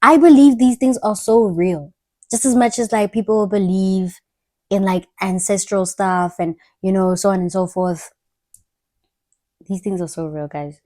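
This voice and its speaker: A woman's voice: mid-range voice, unhurried, mellow. A young woman, talking candidly and in slang as she tells stories in a casual diary vlog. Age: young adult. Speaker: vlogger.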